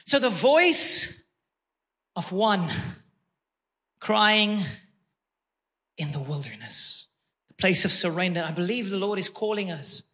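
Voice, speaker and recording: A man's voice: high voice, big pitch swings, slow pace, pauses often, pushed and bright. A man preaching a sermon with emphatic, repeated phrases and words he stretches out for weight. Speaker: pastor.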